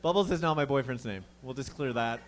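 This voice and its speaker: A man's voice: medium pitch, brisk. A man doing a stand-up comedy set on a club stage, telling a rambling, profane, self-mocking story. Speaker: stand-up comic.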